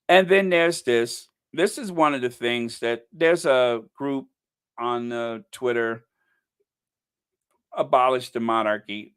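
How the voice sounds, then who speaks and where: Sarcastic man ranting in mid pitch. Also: a bit bright, smooth. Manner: sarcastic, rambling, mocking. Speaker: commentary channel host. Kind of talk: casual commentary rant.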